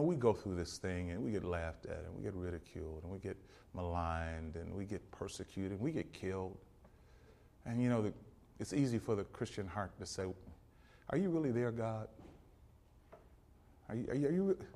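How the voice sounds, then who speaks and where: Man preaching a rousing sermon. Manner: swings from loud rousing peaks to hushed low passages; quotes scripture in King James wording.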